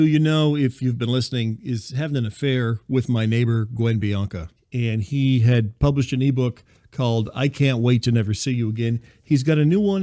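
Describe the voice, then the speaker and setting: A man hosting a comedy podcast, telling a rambling story in a deadpan, conversational way. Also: medium pitch, no room sound, clean studio sound. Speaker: podcast host and narrator. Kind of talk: comedic monologue.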